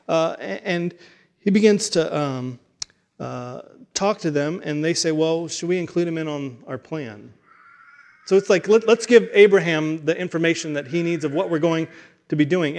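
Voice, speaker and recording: A man preaching a sermon in a casual, conversational way, often repeating words and acting out the dialogue he retells. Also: sits high. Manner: conversational, repeats words and restarts, acts out dialogue in quoted voices. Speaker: pastor.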